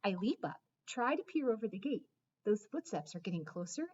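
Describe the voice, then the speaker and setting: Expressive woman reading a storybook aloud. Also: medium pitch, normal speed, highs cut off. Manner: expressive, swings between dramatic hushes and excited rises. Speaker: audiobook narrator. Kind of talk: first-person children's storybook narration.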